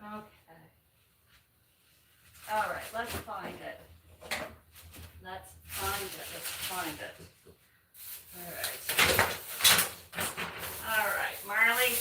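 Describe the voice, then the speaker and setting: A woman chatting casually while painting her house, now and then talking to her dog in a high voice. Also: extremely slow, long pauses, noisy background. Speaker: home vlogger. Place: house hallway, indoors. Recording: roomy, far from the mic.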